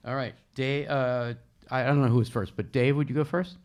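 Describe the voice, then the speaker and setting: A man's voice: mid-range voice, steady tone, fairly quick. A man hosting a live webcast poetry seminar, enthusiastic and encouraging as he calls on speakers. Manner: enthusiastic, encouraging, laughs often. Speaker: seminar host.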